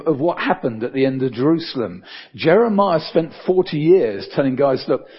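Older preacher, husky and lively. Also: male voice, medium pitch, dull audio. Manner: conversational, many fillers, dips soft for emphasis. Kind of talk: sermon.

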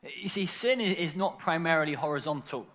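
A man delivers a sermon in a lively storytelling manner, often stumbling over and repeating words. His voice sits a little high and sounds sharp and bright. A long reverb from a large church hall trails after him. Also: brisk. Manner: animated storytelling with frequent filler and repeated words. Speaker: preacher.

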